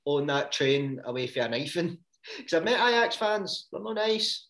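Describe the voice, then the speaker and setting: A man's voice: on the high side, sing-song, moderate pace, fairly bright tone, reverberant. A Scottish man in casual chat, laid-back and joking, swearing freely.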